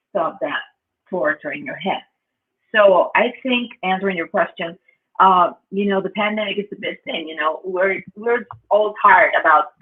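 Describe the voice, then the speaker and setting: A man guesting on an interview as a band member, talking in halting bursts with many fillers. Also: a little high. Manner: halting, full of fillers and restarts. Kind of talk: casual interview chat. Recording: tinny phone-like line.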